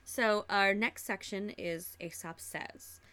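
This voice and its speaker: A woman's voice: mid-range voice, slow pace, pushed and bright. A young woman co-hosting a podcast in casual chat, with a dry, teasing wit. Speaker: podcast co-host.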